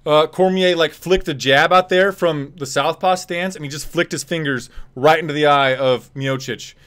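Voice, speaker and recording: A man with a fairly high, somewhat bright voice gives casual play-by-play fight commentary on a live stream. His delivery is quick and loose, with fillers and restarts.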